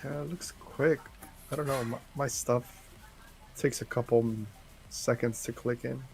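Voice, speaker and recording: A man's voice: mid-range voice, steady tone, measured pace, gravelly, darkish tone. A man playing in a raid group, joking and complaining over voice chat. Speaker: raid player. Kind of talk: game voice chat.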